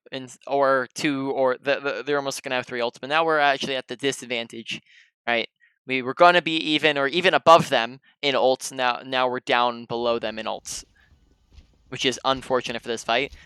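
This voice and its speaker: A man's voice: mid-range voice, pushed and bright, clean tone, no room sound. A man coaching a player through a gameplay review, explaining at length with frequent ums and restarted sentences. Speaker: game coach.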